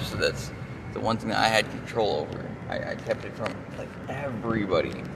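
A man's voice: fairly low pitch, creaky, far from the mic, background noise. A man telling a personal story casually, profane and rambling, often restarting his sentences.

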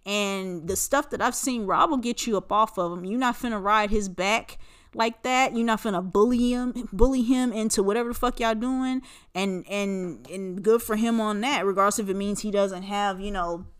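A woman's voice: mid-range voice, moderate pace, clean tone. A woman in her forties hosting a casual solo podcast, talking in a blunt, profane, rambling way with lots of fillers. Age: 40s. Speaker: podcast host.

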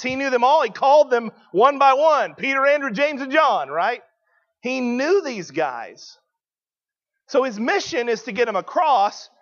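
A man's voice: very high voice, fairly bright tone, lo-fi sound. A man preaching a sermon, emphatic and questioning the congregation.

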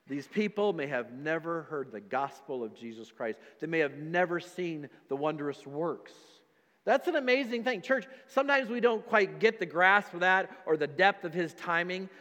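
A man's voice: fairly high pitch, animated, normal speed, sharp tone, big-room sound. A man, a pastor, preaching a dynamic sermon and calling out to his congregation as church.

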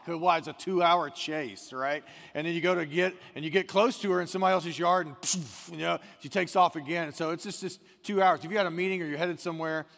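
A man preaching a sermon as pastor, chatty and animated as he tells stories. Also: fairly high pitch, vocal fry, in a large hall. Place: church.

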